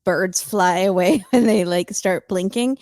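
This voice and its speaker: A woman's voice: medium pitch, unhurried, a little mellow, no room sound. A woman guest with a mid-range voice, chatty and sarcastic, her talk full of "like". The recording is dry and close. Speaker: podcast guest. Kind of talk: casual chat.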